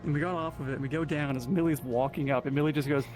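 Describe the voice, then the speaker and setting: A man's voice: a little high, steady tone, racing, music in the background. A man telling stories in casual chat, joking and laughing often.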